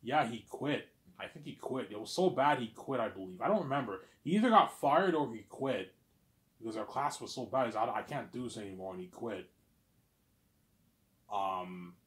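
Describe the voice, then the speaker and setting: A man's voice: medium pitch, animated, normal speed. A man in his thirties telling a personal story in a casual monologue, rambling, repeating himself and swearing often. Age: 30s. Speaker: vlogger.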